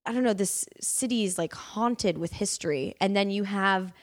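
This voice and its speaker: A young woman, a podcast guest and actress, chatting and telling animated stories. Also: mid-range voice, normal speed. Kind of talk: casual chat.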